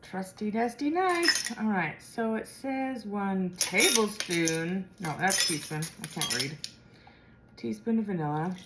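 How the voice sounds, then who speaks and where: A woman's voice: mid-range voice, expressive, takes it slowly, heavy background noise. A woman with a General American accent, chatting casually as she cooks in her home kitchen and thinking aloud as she goes. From Midwestern or Western United States. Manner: chatty and rambling, thinking aloud while cooking. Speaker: home cook. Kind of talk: casual cooking vlog. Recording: echoey kitchen with clattering dishes.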